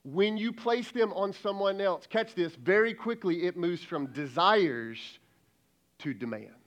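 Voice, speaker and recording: Male pastor preaching, chatty and emphatic, kinda high voice, dull lo-fi sound. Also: expressive, a little slow. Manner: conversational, emphatic, acts out quoted dialogue. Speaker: lead pastor. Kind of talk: sermon.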